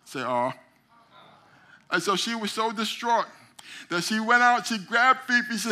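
His voice is high-pitched and unhurried, broken by long pauses. This middle-aged man teaches a group memory drawing, bringing little stories to life as an animated storyteller who acts out the voices.

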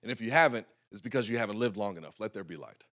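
This young adult pastor from North Carolina preaches in a conversational, storytelling style, often checking in with his congregation. His lowish voice is expressive and sharp in tone, and the words come rapid-fire.

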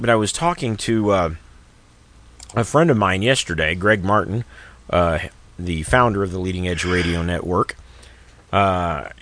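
A man hosts a relaxed radio talk show, his pitch rising and falling a lot as he rambles through stories and jokes. His voice is dry and close, with no room around it. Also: dry recording. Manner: rambling, joking storyteller. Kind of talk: casual on-air chat.

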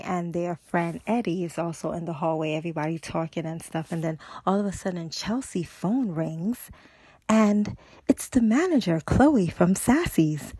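Husky-voiced woman casually retelling a story. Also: on the low side, mellow, dry recording. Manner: rambling, fillers like "and so", "you know". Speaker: podcast host.

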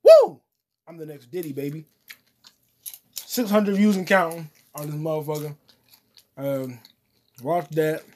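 A man hosting his own solo comedy podcast, cursing often and rambling while he eats popcorn, his voice swinging between loud outbursts and mutters. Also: steady tone, a little slow, pauses often, slight background noise. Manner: profane, loud swings in volume and pitch; eating popcorn while talking. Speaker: podcast host.

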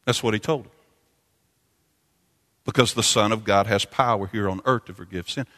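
Impassioned preacher in a reverberant hall. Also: male voice, on the low side, normal speed, pushed and bright. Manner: impassioned, repetitive, rising to sung peaks. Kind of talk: sermon.

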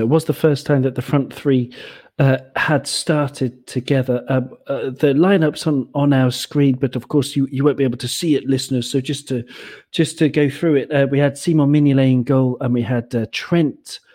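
Husky, mellow-voiced podcast host man. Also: mid-range voice, fairly even intonation, normal speed. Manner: hesitant, many fillers and restarts. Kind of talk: casual football podcast chat.

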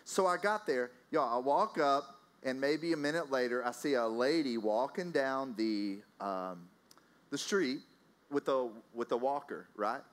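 Animated Texan preacher telling a story. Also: male voice, mid-range voice, a little slow. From Texas. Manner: animated, conversational, chuckles often, calls out to the congregation. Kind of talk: storytelling sermon.

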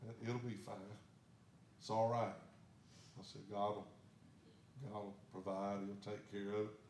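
A man's voice: lowish voice, little pitch movement, unhurried, a little mellow, a little hiss or hum. Man, pastor, sermon storytelling, folksy, echoey church. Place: church sanctuary.

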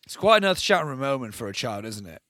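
A man's voice: mid-range voice, sing-song, fast, a bit bright, no echo, studio quality. A young man, co-hosting a podcast and chatting animatedly with lots of fillers. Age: young adult. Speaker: podcast co-host. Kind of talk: casual chat.

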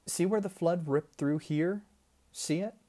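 A man's voice: a little high, a little slow, mellow, voice pushed up, lightly acted. A man reading a story, voicing a practical, matter-of-fact woman guide in a slightly raised voice. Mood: animated. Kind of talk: audiobook character voice.

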